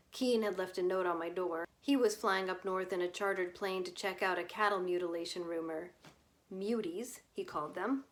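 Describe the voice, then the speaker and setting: A woman reading a short story aloud as scripted narration, in a measured, subdued way. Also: fairly low pitch. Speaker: reader.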